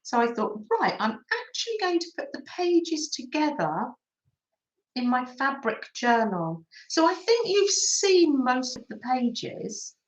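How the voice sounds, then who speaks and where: A woman's voice: high voice, sing-song, takes it slowly. A woman from England hosting a craft livestream, chatting casually with viewers while she sews and laughing often. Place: home room. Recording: echoey room.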